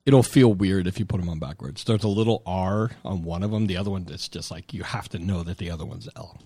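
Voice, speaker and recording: Rambling podcast host, low dry voice. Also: male voice, a little fast, mellow, slightly rough, no echo. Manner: loose, rambling, swears casually. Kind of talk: casual chat. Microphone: close mic, eating near it.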